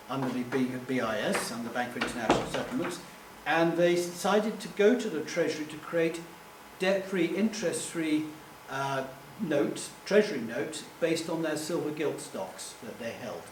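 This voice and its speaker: A man's voice: on the high side, noisy background. Chatty middle-aged man in an echoey hall. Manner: chatty, self-deprecating, acts out quoted voices. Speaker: public speaker. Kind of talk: anecdotal talk to a live audience. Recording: echoey room, distant mic.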